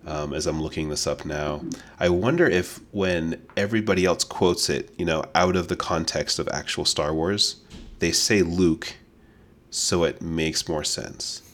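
Deep-voiced, chatty laughing man. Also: a little slow, a bit bright. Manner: chatty, laughs often, rambling with fillers. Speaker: podcast co-host. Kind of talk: casual podcast chat.

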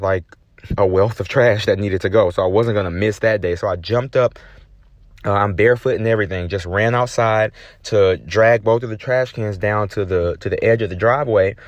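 A young man hosting his podcast, telling a story in a profane, sassy, animated rant. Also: on the low side, no echo. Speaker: podcast host. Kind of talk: casual ranting monologue.

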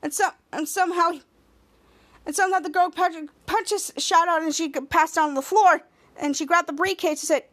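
Very high-pitched woman recapping an episode. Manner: rambling retelling with halting restarts; acts out characters' lines in animated voices. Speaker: podcast host.

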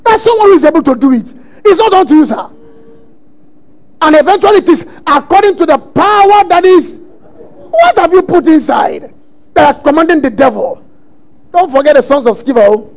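A man preaching a sermon, emphatic and often shouting lines as he acts out quotes. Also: very high-pitched, animated, moderate pace, pauses often.

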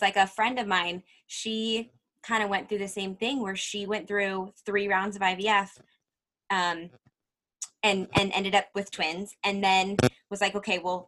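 A woman's voice: medium pitch, a bit bright. A woman hosting a podcast, chatting in a supportive, casual way. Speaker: podcast host. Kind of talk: casual interview chat.

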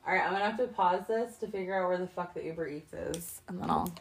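A woman's voice: on the low side, quick pace, vocal fry. A young woman co-hosting a podcast, telling stories in a loose, profane way and laughing often. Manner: profane, animated storytelling with frequent laughter. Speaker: podcast co-host. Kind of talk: casual chat.

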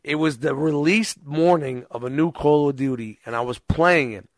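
A man's voice: a little high, normal speed, dry recording. Profane rambling male storyteller, dry mic. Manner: rambling, profane, acts out quotes.

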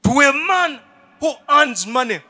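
A man preaching a sermon in short phrases, pausing after each for an interpreter. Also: very high-pitched, big pitch swings. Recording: music playing behind.

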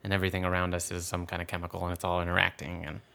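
A man's voice: low-pitched, monotone, very fast, vocal fry, bright, forceful tone, clean tone. A man from the Philadelphia area chatting casually about a film as a podcast co-host, rambling with frequent restarts. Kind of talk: casual movie discussion.

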